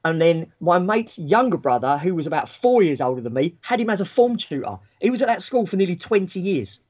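A man in his forties telling a school story in casual chat, animated and swearing freely, acting out the people he quotes. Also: high-pitched, a little fast, dull audio.

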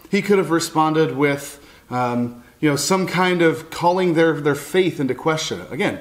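Earnest man preaching, slightly high voice. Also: expressive, brisk. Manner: earnest, heartfelt, with many restarts. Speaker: pastor and counselor. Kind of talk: sermon.

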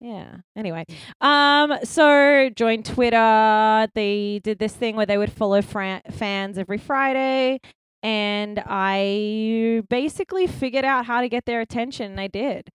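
An Australian woman in her thirties chatting casually as a podcast guest, telling stories in an animated way with lots of fillers. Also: fairly high pitch, measured pace, smooth, dry recording. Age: 30s. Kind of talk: casual chat.

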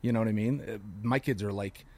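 A man and father co-hosting a podcast, telling jokes and animated stories in casual chat. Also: lowish voice, fast, dry recording. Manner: joking, animated storyteller.

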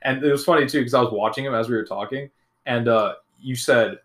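A man's voice: medium pitch, brisk, roomy sound. A young man in casual chat, telling a school story with lots of swearing and acting out what people said. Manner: profane, animated, acts out quotes in shifting voices.

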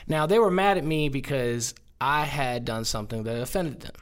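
A man's voice: medium pitch, moderate pace. A middle-aged man telling personal stories in casual chat, acting out the voices of the people in them. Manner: animated storyteller who acts out quoted voices. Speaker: guest telling life stories.

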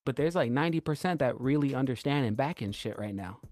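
A man co-hosting a casual podcast, telling animated stories full of "bro" and "like" and cursing freely. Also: medium pitch, fast talker, dry recording. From US West Coast. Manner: animated storyteller, swears, lots of "like" and "bro". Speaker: podcast co-host. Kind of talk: casual chat.

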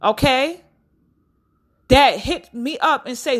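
A young woman ranting straight into her phone, blunt and profane. Her voice sits a little high and she keeps the energy up with plenty of swearing. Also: lively intonation, unhurried. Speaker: vlogger. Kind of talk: casual rant to camera.

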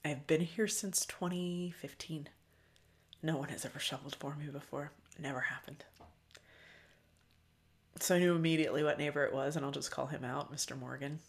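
Woman podcaster with a gravelly fry, rambling candid and sweary, dips into soft breathy near-whispers. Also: low-pitched, steady tone, moderate pace, long pauses. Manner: candid, loose and profane, with frequent ums. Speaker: podcast host. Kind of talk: casual spiritual reflection.

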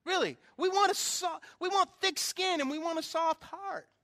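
A man's voice: extremely high pitch, moderate pace, sharp tone. A male pastor preaching a sermon in a church, telling stories in a chatty way and joking about his own faults. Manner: conversational storytelling with self-deprecating humor.

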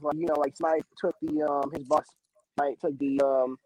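A man's voice: a little high, normal speed, a little mellow, no echo, rough recording. A man co-hosting a casual movie review podcast, rambling and thinking aloud with many fillers. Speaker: podcast co-host.

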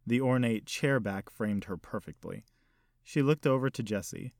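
A man reading a story aloud in a measured, steady storytelling manner. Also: mid-range voice, gravelly, no room sound, studio quality. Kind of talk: scripted narration.

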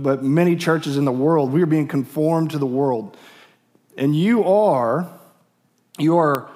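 Male pastor, middle-aged, earnest sermon, slightly high voice, repeats himself. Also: a little mellow. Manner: earnest, repetitive, with restarts and laughs. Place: church sanctuary.

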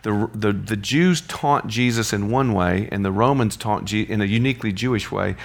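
Male Bible teacher, low and gravelly; conversational classroom lesson with rhetorical questions. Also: normal speed.

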